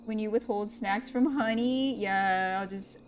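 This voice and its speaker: A woman's voice: medium pitch, unhurried, faint music behind. Playful young woman streamer chatting. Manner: playful and chatty, talks to viewers by name. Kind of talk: casual live-stream chat with chat.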